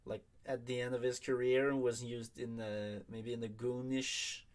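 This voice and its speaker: A man's voice: medium pitch, little pitch movement, unhurried. A man hosting a casual draft show, talking with many hesitations and fillers.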